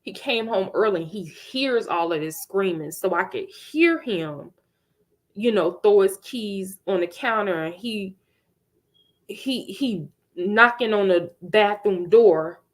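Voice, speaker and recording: A woman's voice: mid-range voice, takes it slowly. A woman podcast host earnestly telling a personal story, emphatic and candid. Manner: earnest, emphatic, with rueful laughs.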